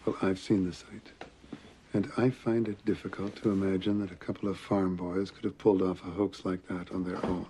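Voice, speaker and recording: A man's voice: sits low, flat delivery, normal speed, slight background noise, lightly acted. An actor playing a formal, commanding male federal investigator in a film. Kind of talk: film acting. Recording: film soundtrack with loud music score.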